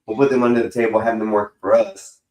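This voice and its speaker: A man hosting a call-in stream, talking casually and profanely in a rambling, animated way. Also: on the low side, fast talker. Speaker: stream host. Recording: roomy echo.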